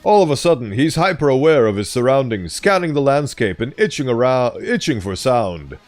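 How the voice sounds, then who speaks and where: A man's voice: medium pitch, sing-song, normal speed, darkish tone, soft background music. A man reading stories and chatting on a live stream, playful and self-correcting.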